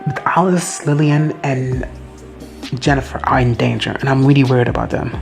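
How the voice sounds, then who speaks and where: A man's voice: gravelly, faint music behind. Gushing, swearing man reacting to a show. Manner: gushing, swears often, acts out characters in quick high voices. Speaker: reaction vlogger. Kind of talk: casual TV recap reaction.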